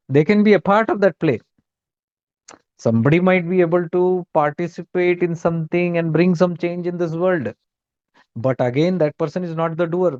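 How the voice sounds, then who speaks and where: A man's voice: high voice, a little mellow, lo-fi sound. A man with an Indian accent giving a spiritual talk as a teacher, emphatic and repetitive, slipping Hindi words into his English. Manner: emphatic, repeats key points, mixes in Hindi words.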